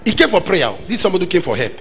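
Speaking very fast in a high-pitched voice, a Nigerian-accented pastor delivers a sermon built on acted-out anecdotes, voicing the characters himself. His manner is animated, moving between loud and soft, over a low-quality recording with slight background noise.

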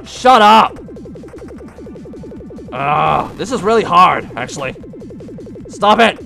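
A young man giving casual gameplay commentary, breaking into frustrated, yelling outbursts at the game. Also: sits high, very animated, slow, creaky, long pauses, soft background music. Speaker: let's play gamer.

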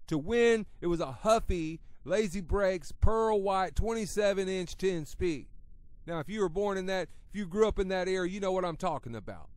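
A middle-aged man preaching a radio sermon, talking conversationally at times and at others building to loud, emphatic passages. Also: a little high, dry recording.

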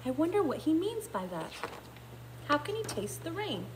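A woman kindergarten teacher reading a picture book aloud, pausing to explain in a gentle, thinking-aloud way. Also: high voice, sing-song, background noise.

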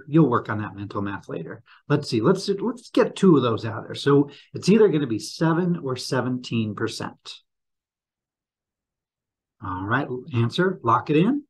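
A man giving a school morning announcement, leading students through a quiz on communication with lively questions. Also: mid-range voice, husky. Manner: upbeat, quizzing the audience with questions.

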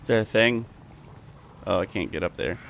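A man's voice: low-pitched, moderate pace, creaky, fairly bright tone, a little hiss or hum. A young man giving wry, chatty commentary over a game he is playing, talking back to the characters on screen. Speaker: gameplay commentator. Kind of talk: let's play commentary.

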